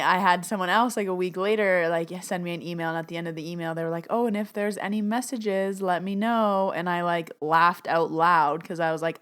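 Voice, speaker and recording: A woman's voice: a bit bright, clear, resonant tone. A woman hosting her own podcast as a psychic medium, telling personal stories in a chatty way, full of "like" and acted-out quotes. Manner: chatty, lots of "like", acts out quotes with big pitch jumps. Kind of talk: casual storytelling monologue.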